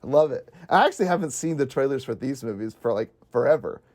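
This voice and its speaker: A man co-hosting a relaxed movie chat, talking in a mid-pitched voice. He gets excitable, laughs a lot and jumps into quoting lines in bigger voices. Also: quick pace. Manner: excitable, laughs often, acts out quotes. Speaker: podcast co-host.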